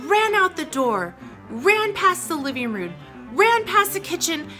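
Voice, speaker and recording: Animated woman reading a kids' story. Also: very high voice, soft background music. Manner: expressive, exaggerated, slow. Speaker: children's storyteller. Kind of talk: children's storytime read-aloud.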